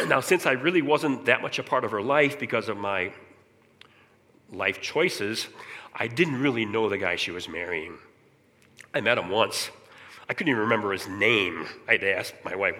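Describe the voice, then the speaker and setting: A middle-aged man giving an earnest personal testimony in church, often clearing his throat as he talks. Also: lowish voice, moderate pace, long pauses, pushed and bright. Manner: earnest, candid storytelling. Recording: long reverb of a large hall.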